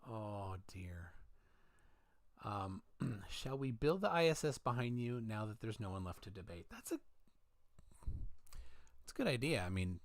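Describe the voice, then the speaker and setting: A man hosting a casual livestream, reading out chat comments in a rambling, halting way with many fillers, holding his mic close at home. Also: on the low side, very animated. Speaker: livestream host. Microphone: handheld mic held close.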